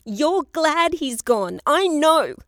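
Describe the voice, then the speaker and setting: A woman reading a storybook voices a furious, hot-headed ten-year-old girl who yells in a passion. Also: high-pitched, sing-song, slow pace, dry recording, studio quality, voice pushed up, full character voice. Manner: yelling, passionate.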